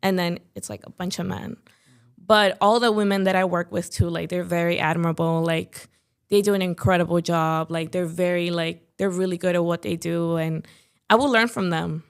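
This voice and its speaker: Speaking at a moderate pace with fairly even intonation, this podcast guest has a lowish, clean-toned voice. She's a young Chicagoan in a relaxed interview conversation, constantly leaning on "you know" and "like."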